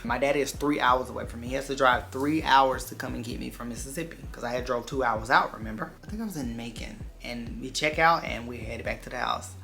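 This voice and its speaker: A man vlogger telling a dramatic personal story in an animated, profane, emphatic way. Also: mid-range voice, vocal fry. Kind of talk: storytime vlog.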